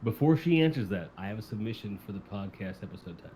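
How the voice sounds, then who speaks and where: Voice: low-pitched, lively intonation, quick pace, noisy background. A podcast co-host who makes puns, teases the others, and swears casually. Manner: punning, teasing, sweary.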